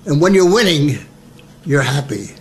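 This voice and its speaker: An elderly American man recalls his past in a relaxed, humorous storytelling manner. His voice sits a little high for a man. He slips into the voices of the people he quotes as he goes. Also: moderate pace, a little hiss or hum. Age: older. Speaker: veteran interviewee. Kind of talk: personal storytelling.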